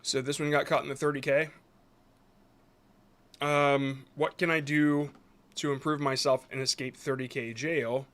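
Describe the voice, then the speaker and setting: A man's voice: medium pitch, flat delivery, measured pace, long pauses, fairly bright tone. A man reviewing viewers' short videos on a live stream, talking casually and rambling a bit as he gives frank advice.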